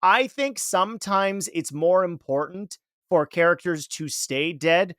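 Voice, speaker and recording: A man's voice: sits high, a little slow, fairly bright tone, no echo, studio quality. A man hosting a podcast, talking casually and rambling as he searches for words. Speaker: podcast host.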